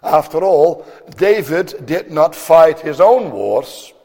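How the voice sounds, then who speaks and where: Man preaching, high voice, slow solemn delivery, declamatory, long hall echo. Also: lively intonation, warm tone. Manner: solemn, declamatory, drawn-out emphasis. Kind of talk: sermon.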